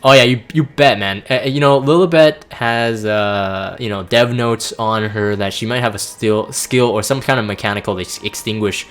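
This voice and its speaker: A man's voice: on the low side, normal speed, few pauses, fairly bright tone. A man casually commenting between story readings in a laid-back, joking, self-deprecating way. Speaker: channel host reading game story.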